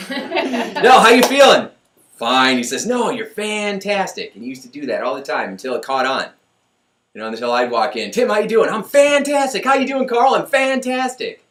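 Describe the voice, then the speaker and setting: Energetic motivational man, echoey room. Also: medium pitch. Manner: energetic, acts out voices in stories. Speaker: host. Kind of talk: motivational talk. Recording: echoey room, mic far off.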